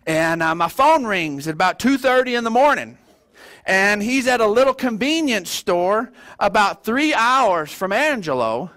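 A middle-aged man with a drawl delivers a sermon as a pastor. He tells stories in a folksy, animated way and often stumbles into restarts. His speaking voice sits noticeably high for a man. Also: unhurried. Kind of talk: sermon with storytelling.

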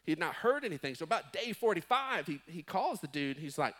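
A man's voice: on the high side, very animated, fairly quick, fairly bright tone. A man preaching a sermon as pastor, emphatic, stretching key words and restarting phrases.

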